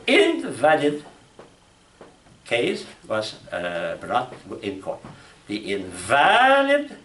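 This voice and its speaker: A man from France with a French accent, giving a classroom lecture on logic, speaking haltingly with restarts and asking "huh?" and "you know?". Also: lowish voice. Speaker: logic instructor. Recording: echoey room from far off, faint noise.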